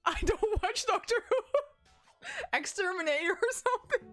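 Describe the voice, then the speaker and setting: A woman's voice: very high voice, normal speed, soft background music. A woman streaming a game, chatting casually and giggling a lot as she plays. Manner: giggly and excitable, laughing often. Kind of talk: casual live-stream commentary.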